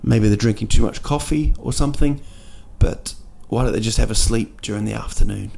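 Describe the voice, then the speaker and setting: Kiwi-male comic host, mellow gravelly voice, loose rambling delivery full of restarts. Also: fairly low pitch, fairly quick. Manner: rambling and jokey, with many restarts and fillers. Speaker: podcast host and comedian. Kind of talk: casual comic monologue. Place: indoors at night in a city.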